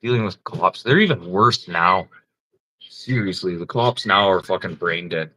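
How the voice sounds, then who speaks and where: A man's voice: low voice, lively intonation, measured pace, bright, forceful tone, low-quality recording. A man hosting a livestream, chatting casually and telling rambling, profane stories while laughing often. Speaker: livestream host. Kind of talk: casual storytelling chat.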